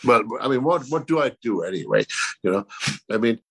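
A man speaking as a guest composer in an interview, halting and self-effacing, with many restarts and repeated words. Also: mid-range voice, big pitch swings, vocal fry, fairly bright tone, slight background noise. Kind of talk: conversational interview.

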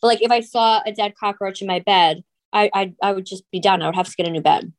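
Woman cohost on a podcast, blunt, quick reactions, mid pitch. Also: steady tone. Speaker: podcast co-host. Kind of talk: casual chat.

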